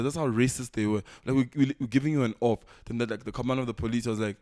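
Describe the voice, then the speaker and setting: A man's voice: medium pitch, fairly even intonation, very fast, darkish tone. A young man from South Africa with a South African English accent, co-hosting a podcast in heated casual chat, swearing a lot and acting out quoted voices, recorded through a camera's built-in mic. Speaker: podcast co-host.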